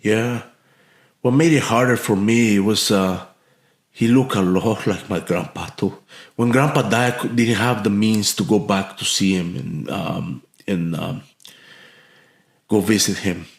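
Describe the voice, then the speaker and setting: A man's voice: fairly low pitch, unhurried, creaky. A man from Mexico telling a heartfelt story as a podcast guest, earnest and full of restarts and fillers. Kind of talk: storytelling in an interview. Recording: echoey room.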